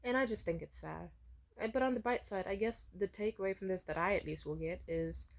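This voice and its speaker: A woman's voice: mid-range voice, brisk, vocal fry. A young woman telling a personal story candidly in a vlog, swearing freely. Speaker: vlogger.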